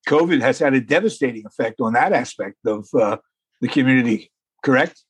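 A man hosting an interview show, talking in a folksy, deliberate way and slowing down for emphasis. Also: medium pitch, slightly rough, no room sound. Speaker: talk show host.

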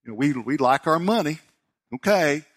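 A man, preaching a sermon as a pastor and telling a personal story with animated delivery. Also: moderate pace. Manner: storytelling, animated, voice rising high when excited.

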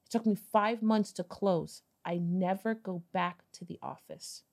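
A woman guest on a podcast, telling a personal story in a casual, animated way, acting out bits of dialogue and swearing now and then. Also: medium pitch, a little slow. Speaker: podcast guest, business owner.

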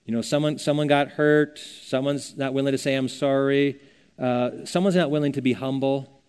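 A man's voice: medium pitch, fairly even intonation, normal speed, a little mellow, smooth. An older man preaching a sermon as a pastor, earnest and conversational, telling stories as he teaches. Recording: long reverb of a church hall.

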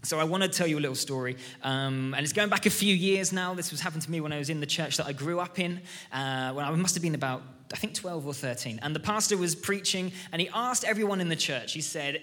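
Bright-voiced preacher in a ringing hall. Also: male voice, a little high, fast talker. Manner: enthusiastic, conversational, storytelling. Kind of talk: sermon. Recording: reverberant church hall.

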